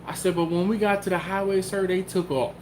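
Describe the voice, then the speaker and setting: A man's voice: high-pitched, a little fast, a little hiss or hum. A man from the Philadelphia area hosting a live stream, telling a story in casual talk and acting out the quotes. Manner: animated, acts out quotes and cat sounds. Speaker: YouTube host.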